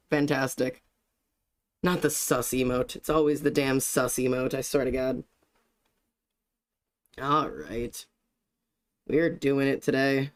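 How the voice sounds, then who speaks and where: A young male streamer with a slightly high voice chats casually with his viewers and greets them by name. He jokes in a self-deprecating way and swears now and then. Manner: chatty, joking, greets chat by name. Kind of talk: casual live-stream chat.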